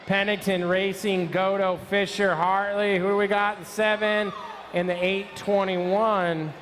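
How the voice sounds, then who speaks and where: Over slight background noise, a man with a high-pitched, fairly bright voice and level tone announces a live BMX race. He rapidly calls out rider names, numbers and nicknames as they hit the track.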